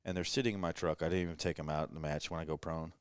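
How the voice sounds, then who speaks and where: A man's voice: very deep voice, steady tone, racing, clear, resonant tone, no room sound, studio quality. A man in his thirties telling self-deprecating stories in a casual late-night chat at a rental house. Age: 30s. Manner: self-deprecating storyteller, joking. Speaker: podcast guest shooter. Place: rental house living room.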